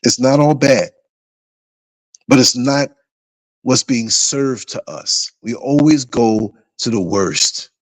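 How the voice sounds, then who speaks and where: A man hosting a casual livestream, telling rambling, animated stories and reading comments from viewers. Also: medium pitch, slow pace, pauses often, no echo, poor audio. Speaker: livestream host.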